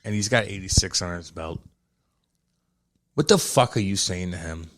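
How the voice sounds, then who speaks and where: A man's voice: low-pitched, moderate pace, background noise. A young man with a St. co-hosting a podcast, swearing freely and telling stories with lots of energy. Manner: profane, animated storytelling. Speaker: podcast co-host. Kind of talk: casual chat.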